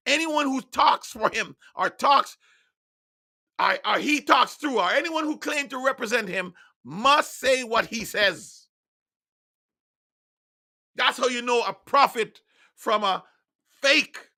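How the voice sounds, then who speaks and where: A man whose first tongue is Patois preaches in a high, bright, gravelly voice. He is emphatic and insistent, and now and then rises to loud declarations. The delivery has a sharp, piercing edge. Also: unhurried, long pauses. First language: Jamaican Patois. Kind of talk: online sermon broadcast.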